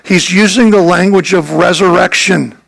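A man, a pastor, preaching a sermon earnestly and emphatically, with a gravelly voice. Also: sits high, normal speed, a bit bright, low-quality recording.

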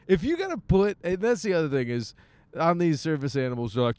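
A man's voice: a little high, big pitch swings, fairly quick, darkish tone, clean tone, dry recording. Joking man rambling from his car. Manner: jokey and self-mocking, with frequent swearing and silly voiced asides. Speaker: podcast host. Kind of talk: casual rambling monologue. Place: in a car while driving.

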